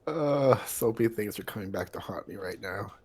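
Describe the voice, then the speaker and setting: A man's voice: fairly low pitch, lively intonation, moderate pace, darkish tone, slightly rough. A man playing in a tabletop game, hesitant and giggly, hedging with lots of fillers. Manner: hesitant, laughing, full of fillers. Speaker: player. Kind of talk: casual tabletop play.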